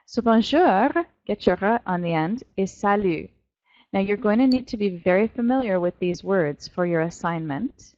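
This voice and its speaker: A woman teaching an online French class to young students, playful and animated as she explains pronunciation. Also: medium pitch, brisk, hardly any pauses, no echo, muffled recording. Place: virtual world classroom.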